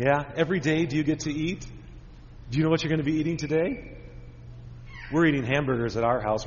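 A pastor giving a children's sermon, talking gently with the kids and asking them lots of simple questions. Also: male voice, on the high side, slight background noise. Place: church. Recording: dull recording with long church reverb.

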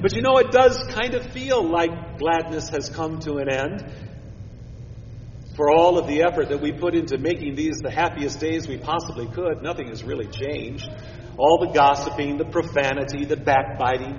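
A male pastor delivering a sermon in a slightly higher voice, dropping low and quiet then rising with emphasis. He is picked up from a distance in a big church, with a long reverb and a dull, muffled tone. A faint hiss sits under it. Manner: expressive, swings from hushed to emphatic. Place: church sanctuary. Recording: echoey church hall from far off, dull sound, faint hiss.

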